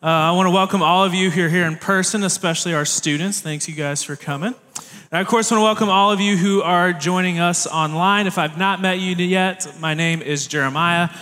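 A man's voice: high voice, fairly quick, pushed and bright. A man, preaching a sermon as youth director in a friendly, joking, playful way. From Tennessee, US South. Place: church sanctuary stage. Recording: reverberant church hall.

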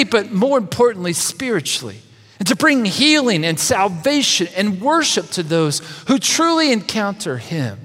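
A pastor preaching a sermon, reading scripture expressively and voicing the quoted speakers. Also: male voice, sits high, fairly bright tone, big-room sound.

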